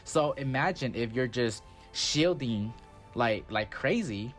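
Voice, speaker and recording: A man's voice: mid-range voice, lively intonation, slow. Chatty man over background music. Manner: rambling and chatty, with many "like" fillers. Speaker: gaming channel host. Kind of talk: casual gameplay commentary voice-over.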